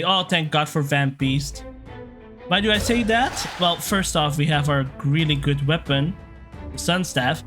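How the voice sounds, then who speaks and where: A chatty young man commenting on his game from a home setup. His voice is high and bright, and he reacts out loud to each turn and often breaks into excited yelps. Light music runs quietly underneath. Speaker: let's play gamer. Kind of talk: gameplay commentary.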